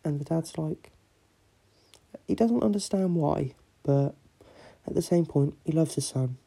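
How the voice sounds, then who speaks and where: A man's voice: on the high side, unhurried, gravelly, warm tone, slightly rough. A man hosting a podcast, telling a long joke in a rambling, casual way full of fillers. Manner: rambling, filler-heavy storytelling. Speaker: podcast host.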